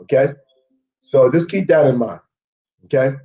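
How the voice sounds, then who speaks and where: A man's voice: medium pitch, a little slow, mellow, muffled recording. A man giving a live Bible history lesson, walking through maps and word studies and checking in with listeners by asking "okay?" again and again. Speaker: Bible teacher.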